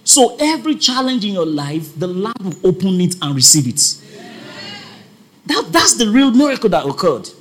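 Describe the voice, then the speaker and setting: Man, preacher, sermon, emphatic, high bright voice. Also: big pitch swings, normal speed. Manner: emphatic, repeats points and calls on the congregation.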